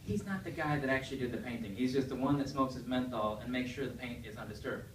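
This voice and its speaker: A man's voice: medium pitch, fast. A man doing a stand-up set in a conversational, chatty way and often asking the crowd questions. He sounds far from the mic, in a roomy, echoey club with a faint hiss behind him. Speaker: stand-up comedian. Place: comedy club stage. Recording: echoey room, distant mic, faint noise.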